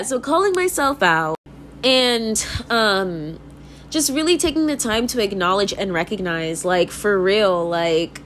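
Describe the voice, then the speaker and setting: A young woman rambles through a casual monologue, emphatic and swearing freely with constant filler words. Her pitch sits in the middle range. A faint hum of room ambience runs behind her. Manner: animated, laughs and jumps into high mock voices.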